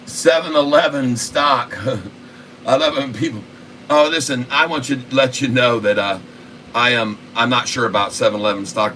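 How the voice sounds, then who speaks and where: A jokey man hosts a casual livestream, laughing often as he reads chat aloud. His voice is bright and sits some way from the mic. An air conditioner hums faintly behind. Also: mid-range voice, recorded from a distance, a little hiss or hum, rough recording. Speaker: livestream host.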